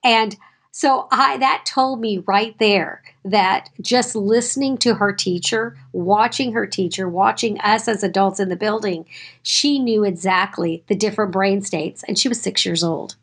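A woman's voice: mid-range voice, a little slow, husky. A woman who works as a school administrator, telling a story from her school in an interview. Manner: animated storyteller.

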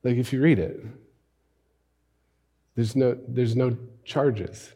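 A man's voice: medium pitch, slow pace, mellow, husky. A man preaching a sermon as pastor, conversational, often asking rhetorical questions and adding "right?".

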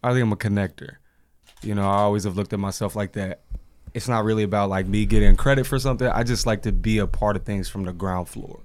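A man in his thirties, a podcast guest, chatting casually in a laid-back, halting way with lots of fillers and restarts. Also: lowish voice, fairly even intonation. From Indianapolis area. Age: 30s. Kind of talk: casual chat.

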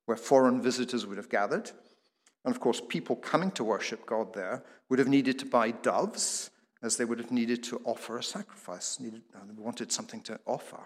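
Man preaching in a reverberant hall. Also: mid-range voice. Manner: explanatory, rhetorical questions, some restarts. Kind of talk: sermon.

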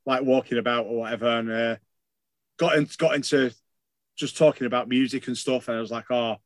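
A man's voice: mid-range voice, fairly even intonation, brisk, no room sound. A man chatting casually on a podcast, rambling and enthusiastic, swearing freely. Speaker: podcast co-host.

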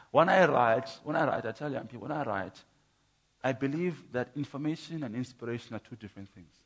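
A man's voice: mid-range voice, expressive, a little fast, slightly rough. A man preaching his testimony in a church, emphatic, with rhythmic contrasts and stammering repeats. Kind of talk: sermon.

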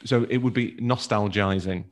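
A man co-hosting a podcast, joking in a deadpan way. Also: lowish voice, normal speed. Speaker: podcast co-host. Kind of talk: casual banter.

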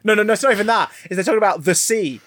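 A man's voice: sits high, very fast, dry recording. A man, casually ranting and riffing about a film on a podcast, swearing freely. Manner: animated, sweary, rambling. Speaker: podcast co-host. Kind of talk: casual film review chat.

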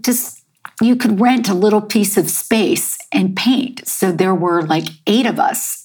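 Slow husky American woman telling her story. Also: mid-range voice, a little mellow. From United States. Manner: halting and reflective, many fillers. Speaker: guest, chef and artist. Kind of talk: personal storytelling interview.

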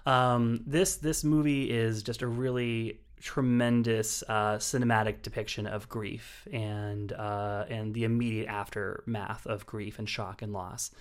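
A man's voice: lowish voice, level tone, a little slow, few pauses, clean tone. A man co-hosting a casual film review podcast, chatty and thinking aloud with lots of fillers and restarts.

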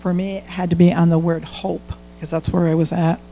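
A man's voice: fairly high pitch, level tone, fairly quick, creaky, mellow, faint music behind, rough recording. A middle-aged man giving a candid, conversational testimony in church, often quoting his own prayers aloud. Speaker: church speaker sharing testimony. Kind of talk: informal sermon testimony.

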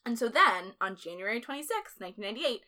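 Bright-voiced woman telling a story casually. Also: a little high, very animated, fast talker. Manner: chatty, filler-heavy, blunt and swearing. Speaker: podcast host.

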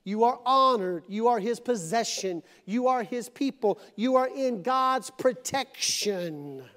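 A middle-aged man preaching a sermon to his congregation in church, dramatic, acting out voices and swinging between loud and hushed. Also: very high voice, animated, takes it slowly. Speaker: pastor.

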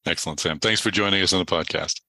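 A man's voice: low-pitched, fast, sharp tone, no echo. A man hosting a podcast, loose and jokey as he moves between guests and segments. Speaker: podcast host.

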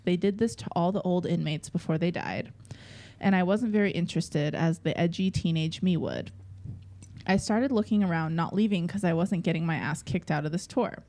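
Podcast co-host, woman, lowish mellow voice, relaxed email reader. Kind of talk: casual chat and reading listener emails.

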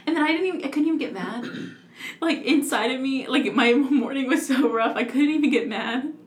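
A woman in her twenties telling a story in casual chat, animated and laughing, with lots of "like". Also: high voice, a little fast. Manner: animated, laughing, heavy use of "like". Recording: echoey room.

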